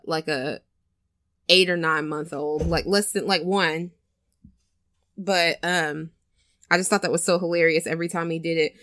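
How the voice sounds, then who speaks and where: Chatty, low-voiced woman telling a story. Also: clean tone, no room sound, clean studio sound. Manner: chatty, animated storyteller who acts out quotes. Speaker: podcast co-host. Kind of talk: casual chat recapping a film.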